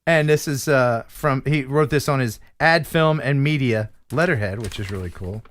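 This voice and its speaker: A man's voice: mid-range voice, moderate pace, a bit bright. A man hosting a live stream in a casual, jokey way, reading viewer mail aloud and laughing at himself. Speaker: host.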